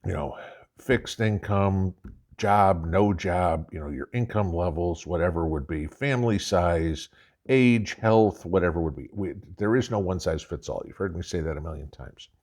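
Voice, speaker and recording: Man, low voice, sarcastic, casual commentary, prepper host, blunt. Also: moderate pace, darkish tone. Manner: sarcastic, mocks officials in put-on quotes.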